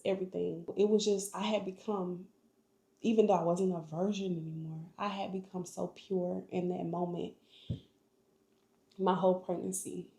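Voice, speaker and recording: A young woman shares her life story on a vlog, earnest and full of faith. Her voice is gravelly and mellow, and her delivery is slow. She sounds like she is in a room with a lot of echo. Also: mid-range voice. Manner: earnest, emotional, faith-filled testimony. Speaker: vlogger. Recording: echoey room.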